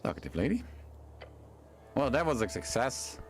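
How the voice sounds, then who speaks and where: A man's voice: medium pitch, very animated, moderate pace, music in the background. Muttering young male game streamer. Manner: mutters and swears, reads game text aloud. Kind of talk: casual gameplay commentary.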